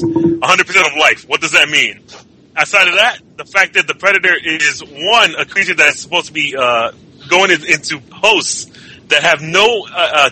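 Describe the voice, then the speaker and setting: A man's voice: fairly high pitch, bright, forceful tone, breathy edge, poor audio. A man co-hosting a casual comic book chat, rambling and puzzled, often repeating himself. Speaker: podcast co-host.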